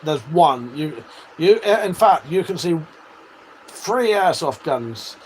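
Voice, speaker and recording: A livestream host with a fairly high voice and lively intonation reads out viewer comments, taking it slowly. He swears freely, laughs often, and banters with chat. The recording is rough, with slight background noise.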